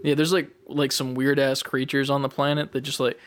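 A young man in casual chat, telling a gaming story with animated acted-out quotes and plenty of swearing. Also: mid-range voice, brisk.

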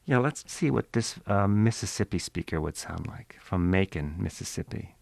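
A man's voice: sits low, animated, normal speed, creaky, darkish tone, no echo. A man who is an accent archive expert, explaining in an interview in a lecturing manner.

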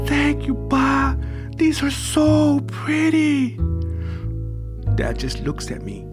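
A man telling his own story in the first person, slow and intimate, his pitch rising and falling expressively. Music plays softly beneath his voice. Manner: unhurried, intimate, expressive reading. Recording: music playing behind the voice.

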